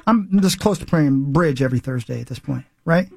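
A man's voice: medium pitch, animated, a little fast, creaky, dry recording, clean studio sound. A man in his forties, a morning radio host, telling a rambling, emphatic story with self-mocking asides. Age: 40s. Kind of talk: casual morning radio chat.

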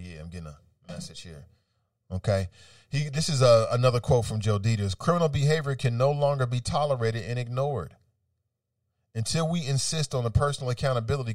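A man hosting an opinionated talk radio segment, reading out quotes and rebutting them with animated, argumentative commentary. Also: mid-range voice, no echo, clean studio sound, far from the mic.

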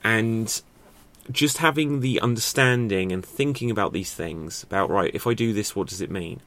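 Talking at a normal speed, this fairly low-voiced man teaches acting casually to the camera. He muses aloud, keeps throwing out rhetorical questions, and leans on lots of fillers.

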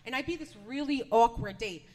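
A woman's voice: fairly high pitch, lively intonation, a little fast, darkish tone. A woman in her forties doing a stand-up comedy set, chatty, nervous and self-deprecating. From Northeast US. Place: comedy venue with a live audience. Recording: echoey live room.

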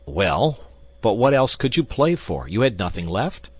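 A man voicing an anxious, hot-tempered young swordsman in an audiobook, with a husky voice and raised, pleading exclamations. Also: lowish voice, sing-song, measured pace, dry recording, voice pushed up, full character voice. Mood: alarmed. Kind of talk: audiobook character reading.

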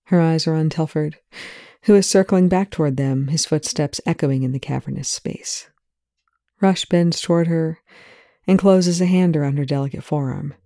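A reader narrating fan fiction in a quiet, even manner. The voice is gravelly and dark, recorded close in a dry room. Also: medium pitch, normal speed, no room sound. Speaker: audiobook narrator. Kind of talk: audiobook reading of fan fiction.

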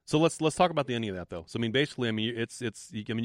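A man hosting an interview podcast, asking measured questions that he often restarts. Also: mid-range voice, lively intonation, no room sound, studio quality. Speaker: podcast host.

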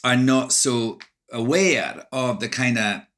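A man's voice: medium pitch, slow, fairly bright tone. A Scottish man, an actor and author, talking in an interview, thoughtful, with many restarts and hesitations. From Scotland. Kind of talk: interview conversation.

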